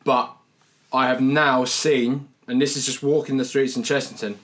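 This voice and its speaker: A man from England, co-hosting a casual football podcast and talking in an excitable, halting way. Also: medium pitch. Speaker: podcast co-host.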